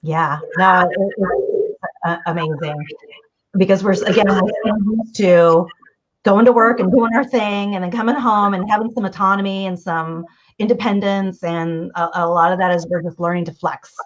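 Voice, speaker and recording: A middle-aged woman speaking as a guest communication coach in a conversational interview. She talks in an animated way and acts out family dialogue, with many restarts. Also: medium pitch, normal speed. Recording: dull lo-fi audio.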